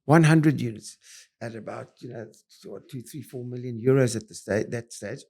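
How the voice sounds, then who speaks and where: An older South African man speaking as an interview guest at a middle pitch. He tells his business stories with animated, punchy bursts. He stumbles over fillers and restarts along the way. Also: normal speed, gravelly. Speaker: property developer guest. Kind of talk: interview storytelling.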